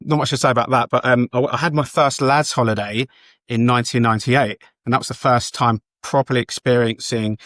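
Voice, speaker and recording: A man's voice: medium pitch, a little fast, no echo. Late 40s english guy, podcast guest, laid back, lots of ums, plain middle voice, dry mic. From England. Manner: relaxed, hesitant, many ums and restarts. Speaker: guest, DJ and photographer. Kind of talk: casual interview chat.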